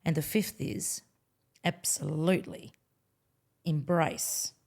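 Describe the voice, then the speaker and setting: A woman's voice: low voice, animated, slow pace, vocal fry, darkish tone. Woman recapping tips on a podcast. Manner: sums up points like a list of tips. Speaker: podcast co-host. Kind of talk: casual chat.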